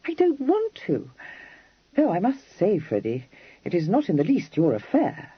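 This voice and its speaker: A man voicing an impulsive young Regency lady for an audiobook, high and breathless, her pleading lines swooping all over. The voice is husky, and the recording is dry and dull. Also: huge pitch swings, normal speed, no room sound, exaggerated voice. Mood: earnest.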